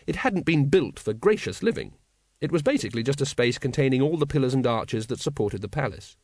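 Male audiobook narrator, wry and measured, mid pitch, dry close recording. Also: expressive, a little mellow, no echo. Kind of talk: scripted narration.

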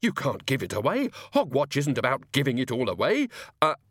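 A man's voice: medium pitch, huge pitch swings, brisk, fairly bright tone, dry recording. A flustered shopkeeper, as a male narrator plays him, tripping over himself and correcting his words. His voice lurches up and down as he scrambles. The reading is dry and close-miked. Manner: stammering and backpedalling.

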